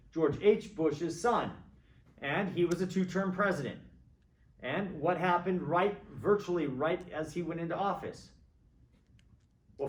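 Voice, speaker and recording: Middle-aged male lecturer, slightly high voice, chatty and opinionated, heard from afar in a roomy hall. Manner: rambling, opinionated, keeps checking in with "right?". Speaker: college government lecturer. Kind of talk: informal classroom lecture. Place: classroom. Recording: echoey classroom, mic far from speaker.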